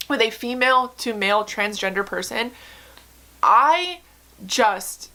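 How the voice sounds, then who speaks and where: A young woman with a bright, forward voice talks straight to camera in a candid, casual way. She speaks earnestly and emotionally, with lots of "um" and "like" and the odd swear word. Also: on the high side. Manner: earnest, emotional, many fillers and profanity. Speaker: book vlogger.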